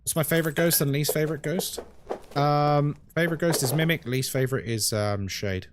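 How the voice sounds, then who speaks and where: A man's voice: fairly high pitch, fairly quick, background noise. A British man streaming a horror game live, chatting casually and explaining things to his chat with lots of "like" and "um". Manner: chatty and explanatory, many fillers like "like" and "um". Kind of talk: live gameplay commentary, answering chat.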